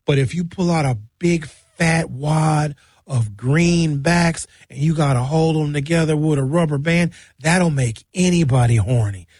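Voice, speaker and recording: A man's voice: fairly high pitch, a little mellow, slightly rough, no echo. A middle-aged man hosting a radio show, telling loose, bawdy comic stories. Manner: loose, bawdy, storytelling with acted-out voices. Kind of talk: comedic monologue.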